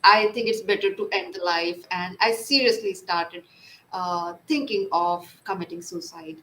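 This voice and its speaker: A woman psychologist being interviewed, speaking softly with many fillers and restarts. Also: on the low side, steady tone, normal speed. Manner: soft-spoken, frequent fillers and restarts. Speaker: guest psychologist. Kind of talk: live interview. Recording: echoey room with faint noise.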